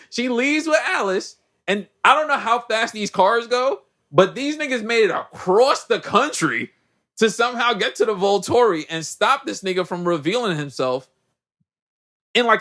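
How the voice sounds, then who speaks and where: A young man retells a movie plot for a podcast in a lively, animated way, slipping into little character voices. His pitch sits a touch high and swings widely as he talks. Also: a little slow. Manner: animated storytelling, acting out characters, laughing. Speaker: podcast host. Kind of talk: casual movie recap.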